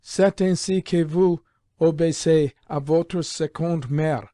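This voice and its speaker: A severe tutor speaks in a quiet, clipped, disdainful tone, as a male reader voices him. His timbre is set apart from the narration. The sound is dry and close. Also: on the high side, steady tone, takes it slowly, no echo, pitched above the performer's own voice. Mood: cold. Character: cold, severe French tutor, adult man.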